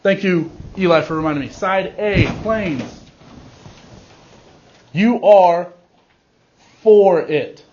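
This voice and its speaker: A male teacher giving a class directions, leaning on key words slowly for emphasis, recorded in a classroom. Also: high-pitched, a little mellow, lo-fi sound, slight background noise. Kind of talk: classroom instruction.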